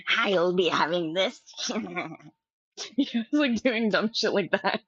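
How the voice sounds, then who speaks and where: A woman's voice: mid-range voice, lively intonation, takes it slowly, a bit bright, no echo. A young woman chatting candidly and directly to viewers on a casual live stream from a room at home. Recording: dull lo-fi stream audio.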